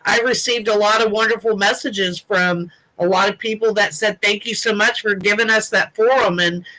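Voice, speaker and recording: Woman host, chatty and heartfelt, lots of ums, bright voice. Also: medium pitch, steady tone, moderate pace, rough recording. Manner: emotional, rambling, many fillers. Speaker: show host. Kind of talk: casual chat on a live show.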